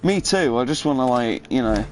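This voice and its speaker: A man's voice: mid-range voice, animated, normal speed, darkish tone, soft background music. A man in casual, rambling, profane chat, telling funny stories. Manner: rambling, profane, laughing storyteller. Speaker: streamer.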